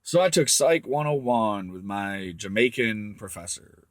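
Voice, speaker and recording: A man's voice: lowish voice, animated, a little slow, dry recording. A man ranting crudely to young viewers, swearing constantly as he gives blunt advice. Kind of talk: profane rant to camera.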